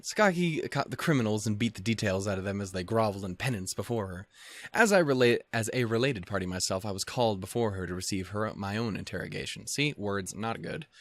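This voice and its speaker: Low, lively young man doing game commentary. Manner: rambling, profane and self-mocking, with goofy put-on quotes; reads game text aloud with stumbles. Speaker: let's play host. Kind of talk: casual let's play commentary.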